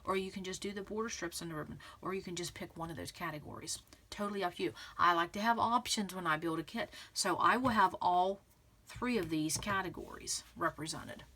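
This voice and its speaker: Woman, scrapbooking tutorial host, casual and encouraging, bright clear tone. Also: on the low side, fairly quick. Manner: chatty, encouraging, repeats "okay" and "again". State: clearing throat from pollen. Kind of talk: casual craft tutorial talking to viewers.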